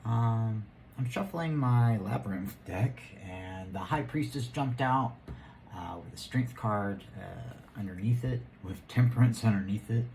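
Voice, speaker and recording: A man's voice: on the low side, unhurried, darkish tone, a little hiss or hum. A man giving a rambling, casual tarot reading, laughing and muttering asides to himself. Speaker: tarot reader.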